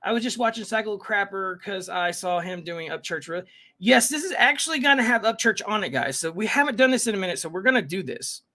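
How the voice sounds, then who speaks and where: Hosting a laid-back reaction livestream, he chats with his audience, welcomes people by name, and wanders off mid-thought often. The voice is high and animated, fairly quick, with a bright, forceful tone.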